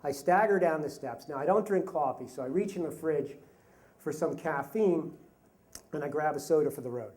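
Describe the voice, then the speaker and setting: A man in his fifties telling a comic personal story live on stage, with self-mocking humor and halting restarts. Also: on the high side, a little mellow. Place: stage before a live audience.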